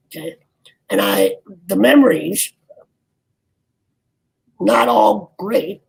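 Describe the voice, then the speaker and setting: Gravelly, raspy older man. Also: sits high, expressive, rough recording. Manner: rambling, halting, many restarts. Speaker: actor guest. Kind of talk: casual interview chat. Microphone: video call.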